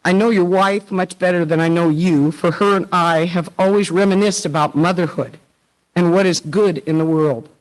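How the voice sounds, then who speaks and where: A woman's voice: lowish voice, fairly even intonation, moderate pace, poor audio. A woman teacher giving an earnest tribute speech at a public meeting, emotional and close to tears, quoting poets and leaders.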